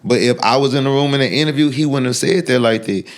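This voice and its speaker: A man talks in an unfiltered interview. He is blunt and profane, and he rambles with frequent restarts and fillers at a middle pitch. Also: quick pace. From Texas. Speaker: guest. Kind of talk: unfiltered sit-down interview talk.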